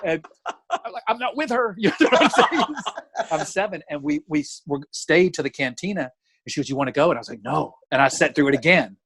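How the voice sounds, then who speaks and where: A man's voice: on the high side, fairly quick, husky, low-quality recording. A man, a comedian telling stories as a podcast guest over a video call and acting out the voices in them. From Alabama, USA. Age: 40s. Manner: animated storyteller who acts out voices. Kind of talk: casual storytelling chat. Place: home room with closet door. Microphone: video call with camera and ring light.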